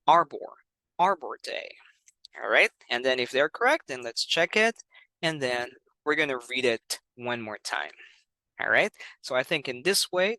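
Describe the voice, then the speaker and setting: Male teacher, explanatory and patient, bright ringing voice, dry close recording. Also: medium pitch, no room sound, low-quality recording. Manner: clear, patient, with frequent "all right" and "you know". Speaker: English teacher.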